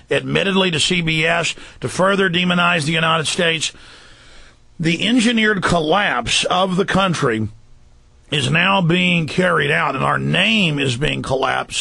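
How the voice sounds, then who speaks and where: Gravelly forceful talk radio host. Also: male voice, fairly high pitch, dry recording. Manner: urgent, forceful, rapid delivery with fillers. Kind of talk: fast talk radio monologue.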